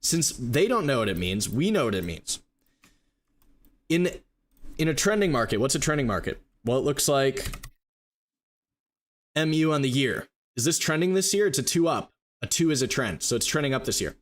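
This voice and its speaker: A man teaching trading live, walking through charts and rapidly acting out a confused trader's thoughts. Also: medium pitch, very animated. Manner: rapid, emphatic explaining with mock inner voices. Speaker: trading educator. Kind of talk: live stream chart walkthrough.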